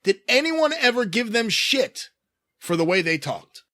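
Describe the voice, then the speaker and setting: A man's voice: high voice, big pitch swings, unhurried, pushed and bright, dry recording, clean studio sound. A man co-hosting a podcast, reading a listener's mocking letter aloud with sarcastic delivery.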